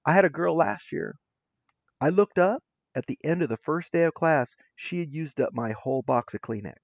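A man's voice: on the high side, animated, moderate pace, dry recording. A middle-aged man, a guest educator, telling classroom stories in an emphatic, punchy way with casual slang. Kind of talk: animated storytelling in conversation. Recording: dry, dull lo-fi sound.

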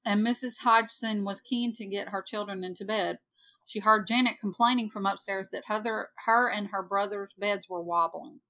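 A woman's voice: medium pitch, fairly even intonation, moderate pace, sharp tone. A woman in her forties co-hosting a podcast, reading a ghost story aloud with joking asides. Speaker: podcast co-host.

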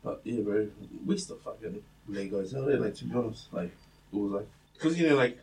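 A man, co-hosting a casual podcast chat and telling animated, swear-filled stories, acting out what people said. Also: on the low side, fairly quick. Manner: animated storyteller, swears freely, acts out quotes. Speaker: podcast co-host. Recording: distant mic, faint room ambience.

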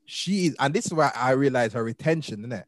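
A young father chatting casually on a podcast, animated and often trailing off quietly. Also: medium pitch, fast talker, slight background noise. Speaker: podcast co-host. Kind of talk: casual chat.

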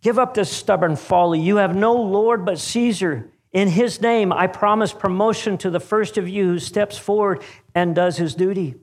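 A man's voice: high-pitched, moderate pace, voice pushed up. A man voicing a stern Roman governor who speaks mildly but firmly, growing exasperated. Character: stern Roman governor, middle-aged man, coaxing then harsh.

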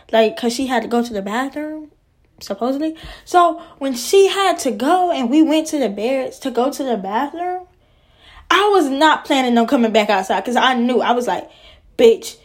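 High-voiced young woman ranting profanely. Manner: talks to the camera as "podcast". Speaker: army trainee vlogger. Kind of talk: casual venting to camera.

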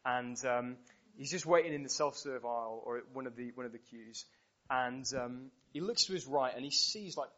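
A British man preaching a sermon, telling stories with animated, emphatic repetition. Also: medium pitch. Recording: dull muffled recording.

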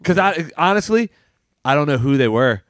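A man's voice: on the high side, expressive, moderate pace, no echo. A man co-hosting a podcast, chatting casually and cutting in with teasing jokes. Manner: joking, teasing interjections. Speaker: podcast co-host. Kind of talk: casual chat.

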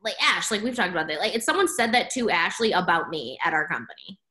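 A woman talking in a casual podcast chat, blunt and animated, saying "like" a lot and swearing freely. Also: on the low side, fast.

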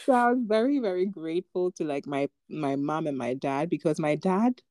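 A woman's voice: sits low, expressive, moderate pace, a little mellow, no echo. A young woman co-hosting a podcast, chatting casually and telling a personal story with lots of fillers and light laughter. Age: young adult. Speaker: podcast co-host. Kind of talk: casual chat.

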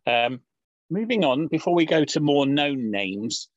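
Man, podcast host, giggly, lively pitch, dry dull sound. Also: unhurried, dry recording. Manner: giggly, laughing to tears. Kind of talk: casual podcast chat.

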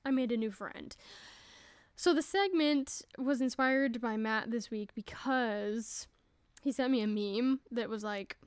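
A young woman hosting a casual solo podcast, chatty and giggly, swearing freely and breaking into quick voices. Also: on the high side, smooth, no room sound. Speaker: podcast host.

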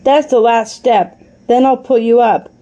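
A gentle, strong storybook boy, read by a woman in a warm, mellow voice. He is kindly and helpful, and the reading sits a little high and stays plain. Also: steady tone, unhurried, highs cut off, lightly acted.

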